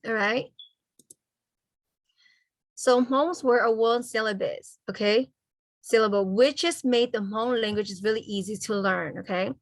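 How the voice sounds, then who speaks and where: A woman teaching a language class over a video call. She spells out letters and sounds slowly and keeps checking in with "okay?" after nearly every point. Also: fairly high pitch, no echo. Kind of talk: online language lesson.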